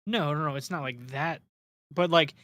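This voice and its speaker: A man co-hosting a podcast in casual chat, joking and cutting in with quick quips. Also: a little high, bright, forceful tone, dry recording. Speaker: podcast co-host.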